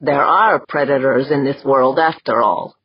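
Woman doing a calm male ship pilot, clipped steady calls, low husky voice, muffled audiobook recording. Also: unhurried, dry recording, heavily acted.

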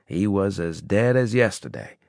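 A man reading a first-person science fiction audiobook in a gruff, clipped way. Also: low-pitched, animated, normal speed, darkish tone, dry recording, studio quality. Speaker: audiobook narrator.

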